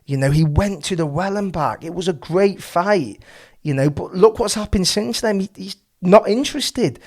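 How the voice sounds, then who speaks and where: A man's voice: high-pitched, expressive, normal speed, a little mellow. A man hosting a boxing channel, giving passionate, opinionated commentary full of rhetorical questions.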